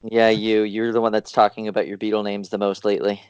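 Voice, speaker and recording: A man's voice: fairly low pitch, little pitch movement, quick pace, darkish tone, smooth, no echo, highs cut off. A man co-hosting a podcast, thinking aloud in an easygoing, casual way. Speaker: podcast co-host.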